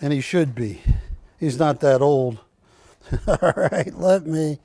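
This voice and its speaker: Slow, dry-voiced man selling on live TV. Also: fairly high pitch, mellow, no room sound. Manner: rambling anecdotal storytelling, self-correcting. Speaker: shopping channel host. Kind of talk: live TV sales presentation. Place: TV studio.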